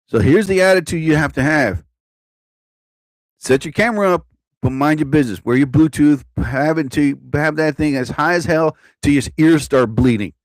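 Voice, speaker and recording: A man's voice: a little high, no room sound. A man hosting a live stream, ranting in a rambling, profane way and often repeating himself. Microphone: own desk mic.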